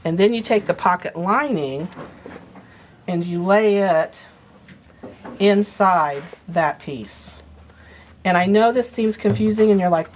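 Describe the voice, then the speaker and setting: A woman's voice: mid-range voice, slow pace, pauses often, slight background noise. A woman giving a casual sewing demonstration, chatting as she explains each step while she handles the materials. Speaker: sewing instructor.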